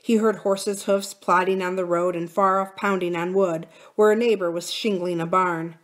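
A woman, a library book reader, narrating a novel aloud calmly and steadily. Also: fairly low pitch, moderate pace.

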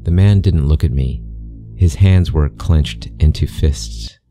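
Deep deep voice guy reading a creepy story real slow, music playing behind. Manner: slow, grave and deliberate. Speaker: narrator. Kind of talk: scripted horror story narration. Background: background music.

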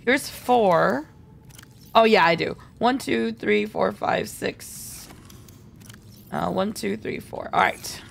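A woman's voice: medium pitch, takes it slowly, gravelly, slight background noise. A woman streaming a game live, chatty and giggly, thinking aloud and answering viewer chat. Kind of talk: live gameplay commentary.

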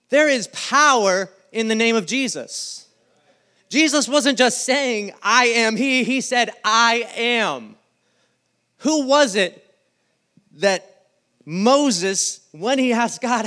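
A male pastor preaching a sermon, telling the story with lively quoted voices. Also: very high-pitched, slow. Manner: animated storytelling, acting out the scene in quoted voices.

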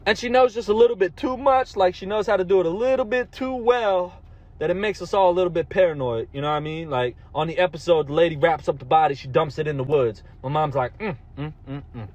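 A man telling a profane comic rant to camera, animated and cursing freely. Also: sits high, quick pace, dull audio. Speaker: comedian.

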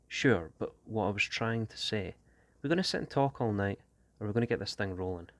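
A man with a deep voice reading a cold teenage gang boy who answers in short, clipped lines. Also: fairly even intonation, a little slow, fairly bright tone, no room sound. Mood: curt. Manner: curt, clipped replies.

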